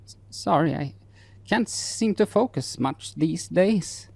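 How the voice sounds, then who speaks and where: Guy doing a frail confused old mom, shaky high voice, up and down a lot, kinda raspy. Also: lively intonation, takes it slowly, no echo, exaggerated voice. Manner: high quavering falsetto. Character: frail confused elderly mother, tearful.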